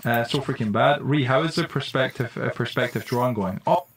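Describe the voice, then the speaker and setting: Here a man talks at a brisk clip in a mid-range voice while streaming a game live. His commentary stays casual, joking and excitable, with curses slipping out when he gets startled.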